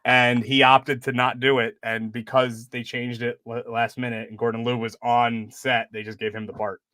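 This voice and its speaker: A man's voice: medium pitch, flat delivery, normal speed, sharp tone. A man in a casual film review chat, sharing trivia in a hesitant way with fillers.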